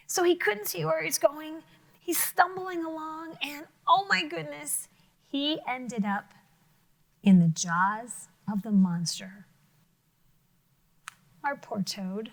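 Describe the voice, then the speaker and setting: A woman teacher reading a picture book aloud to children, expressive and full of questions to her listeners, sometimes dropping to a whisper. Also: a little high, slow, pauses often, low-quality recording. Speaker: elementary school teacher.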